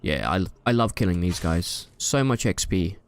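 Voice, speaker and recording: A man's voice: deep voice, animated, moderate pace, a little hiss or hum. A young man giving casual, playful gameplay commentary, joking and trash-talking the enemies he fights. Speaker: gaming YouTuber.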